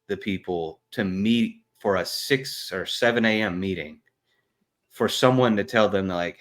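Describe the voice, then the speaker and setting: A man's voice: fairly low pitch, a little slow. A man, co-hosting a casual sports podcast, blunt and trash-talking with lots of fillers. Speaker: podcast co-host.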